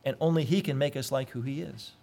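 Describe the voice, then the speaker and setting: A man's voice: mid-range voice, fast talker, vocal fry, dark tone. A man preaching a sermon in an earnest way, sometimes acting out the voices he quotes. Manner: earnest, acts out quoted voices with sudden lifts. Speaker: pastor.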